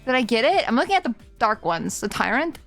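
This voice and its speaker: A young woman streaming a video game, chatting casually with her viewers, excitable and giggly as she reacts to what happens on screen. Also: fairly high pitch, fast talker, faint music behind. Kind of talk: casual gameplay commentary.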